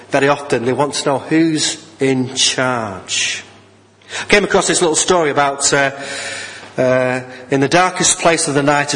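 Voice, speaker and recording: A male Baptist minister gives a sermon in a church, pausing often on fillers and restarting his sentences. His voice sits a little high for a man. The sound rings with the long reverb of the hall. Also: a bit bright. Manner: hesitant with many fillers.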